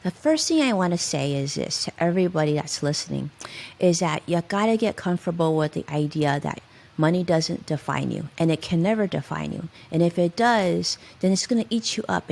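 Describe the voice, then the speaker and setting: A middle-aged woman with a slightly low voice speaks as a financial advisor being interviewed. She talks with emphasis and expressive swings. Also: vocal fry. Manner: emphatic, expressive advice-giving. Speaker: financial advisor, podcast guest. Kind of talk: interview conversation.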